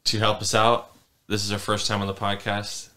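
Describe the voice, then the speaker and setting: A man's voice: fairly low pitch, completely flat delivery, moderate pace, pushed and bright, smooth. A man hosting a casual podcast chat with friends, reading out questions in a laid-back way. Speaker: podcast host.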